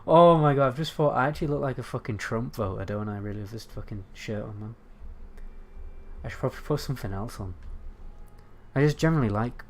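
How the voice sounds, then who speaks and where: A man's voice: on the low side, a little mellow, slight background noise. A man with a British accent chatting casually on a game livestream, rambling and swearing as he answers chat. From United Kingdom. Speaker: game streamer.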